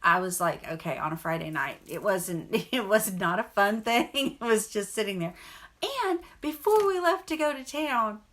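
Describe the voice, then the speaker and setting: A woman's voice: medium pitch, lively intonation, normal speed, fairly bright tone. A middle-aged woman and mother, chatting to camera in a rambling, earnest storytelling vlog. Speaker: vlogger and mother.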